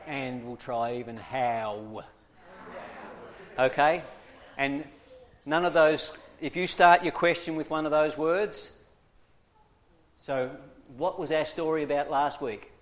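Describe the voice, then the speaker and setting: A man's voice: a little high, slow pace, pauses often. A man leading a training class for church teachers, coaxing his listeners along and checking in with them often. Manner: lively, coaxing, keeps checking in with "okay?".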